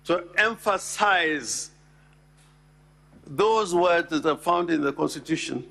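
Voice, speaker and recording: A man argues formally before a Senate chamber in a high voice. He speaks slowly and deliberately, leaning on each word he stresses. His voice has a gravelly edge. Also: sharp tone. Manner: deliberate, emphatic, reads legal text aloud. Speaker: counsel addressing the Senate. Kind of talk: formal legal address.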